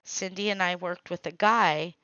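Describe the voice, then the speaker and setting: Woman host, relaxed storyteller, lowish voice, dry close sound. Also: normal speed, clean tone, no room sound, dull audio. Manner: chatty storyteller, laughs often. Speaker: craft channel host. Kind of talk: casual crafting chat.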